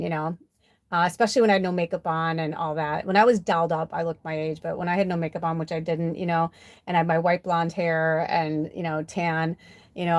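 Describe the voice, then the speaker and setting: A woman's voice: fairly low pitch, darkish tone. Chatty heartfelt American woman in her fifties. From United States. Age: 50s. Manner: chatty, heartfelt, rambling with many fillers. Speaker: spiritual medium, oracle card reader. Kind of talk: casual livestream storytelling.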